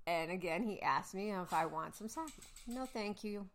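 A woman co-hosting a casual chat, telling a story with animated delivery, laughing often and acting out quotes. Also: medium pitch, normal speed. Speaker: podcast co-host; mother.

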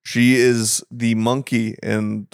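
A man's voice: medium pitch, flat delivery, slow, clear, resonant tone, no room sound, studio quality. A young man co-hosting a casual film podcast, rambling with restarts and laughing often. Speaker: podcast co-host. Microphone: studio microphone.

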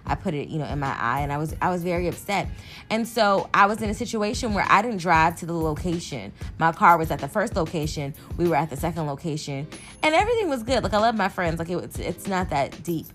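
A woman's voice: fairly low pitch, fast talker, soft background music. A young adult woman talking casually and animatedly to her listeners, like a personal podcast monologue. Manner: chatty, animated, addresses listeners as y'all. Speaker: podcast host.

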